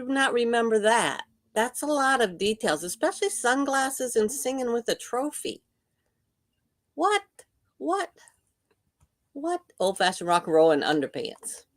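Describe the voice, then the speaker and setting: A woman's voice: mid-range voice, no room sound, clean studio sound. An older woman hosting a livestream, chatting casually and reacting to viewer comments. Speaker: livestream host. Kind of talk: casual chat.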